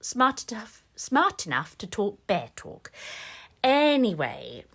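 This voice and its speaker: A woman's voice: medium pitch, sing-song, takes it slowly, breathy edge. A woman telling a children's story in a patient, playful way, dodging the listener's questions. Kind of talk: storybook reading.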